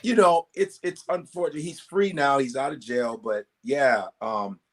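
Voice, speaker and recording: A male comedian telling stories as a guest in a casual interview, animated and profane, acting out quoted voices. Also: mid-range voice, normal speed.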